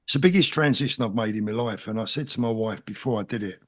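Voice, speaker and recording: A man's voice: lowish voice, fast talker. A middle-aged man with a South London accent, a guest talking in an interview in an earnest, plain-spoken and emphatic way. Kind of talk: casual interview talk.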